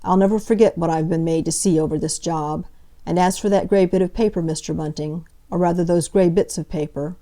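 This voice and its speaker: A slow, stolid young detective, read by a woman in a low, mellow voice. He speaks plainly and deliberately, in working-class phrasing. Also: steady tone, lightly acted. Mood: grim.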